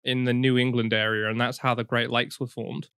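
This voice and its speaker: A young man co-hosting a comedy podcast, joking in a deadpan way and swearing casually. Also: mid-range voice, a little fast, smooth, no room sound, clean studio sound. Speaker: podcast co-host.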